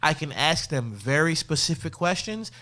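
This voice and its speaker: Bright-voiced man in casual chat. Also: a little high, moderate pace. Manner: animated, laughing, slangy storytelling. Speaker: co-host.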